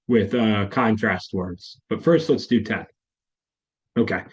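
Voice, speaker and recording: A male tutor at an ordinary pitch explains grammar questions one by one. He repeats his key terms and sometimes restarts a phrase. The audio sounds a little dull and lo-fi. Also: darkish tone. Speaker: test prep teacher. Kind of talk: screen-recorded lesson walkthrough.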